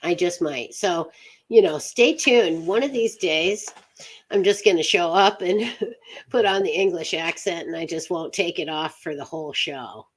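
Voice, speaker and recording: A woman's voice: fairly low pitch, a little slow. A woman from upstate New York hosting a witchcraft chat show, talking in a rambling, chatty way with frequent laughter. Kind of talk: casual live chat.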